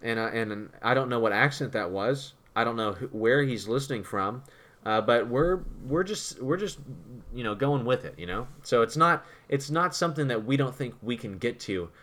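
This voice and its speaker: A man's voice: mid-range voice, expressive, normal speed, a bit bright. A man co-hosting a podcast in casual chat, rambling and repeating words as he thinks. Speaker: podcast co-host.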